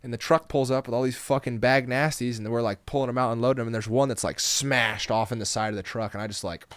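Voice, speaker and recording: A young man, a comedian guest, telling rambling, profane stories in a casual podcast chat and loudly acting out the voices he quotes. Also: medium pitch, fairly even intonation, fast talker, smooth, no room sound.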